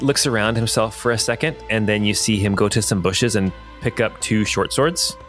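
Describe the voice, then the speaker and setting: A man's voice: on the low side, fairly bright tone. A man narrating as game master of a tabletop game, loose and hesitant with fillers.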